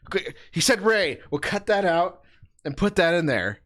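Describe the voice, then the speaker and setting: A man's voice: sits high, big pitch swings, moderate pace, a bit bright. A man co-hosting a casual podcast chat, exasperated and often stammering and restarting. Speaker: podcast co-host.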